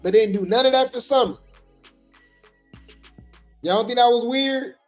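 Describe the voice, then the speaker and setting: A woman's voice: fairly high pitch, normal speed, faint music behind. A woman hosting casual gossip commentary, chatty and sassy, talking straight to her viewers.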